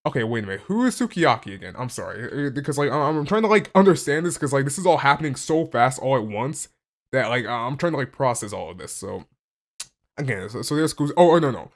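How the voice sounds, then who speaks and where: A man casually reacting to a comic chapter, excitable and stammering, packing his talk with "like" and reading passages aloud between his reactions. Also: mid-range voice, quick pace. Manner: excitable, stammering, heavy use of "like".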